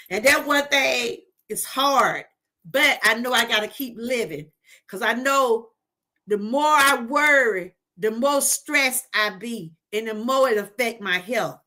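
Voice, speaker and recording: Speaking in a fairly high, sharp-toned voice, this livestream host is a middle-aged Georgia woman sharing a heartfelt testimony. She addresses viewers directly and reads messages from the chat on her casual stream.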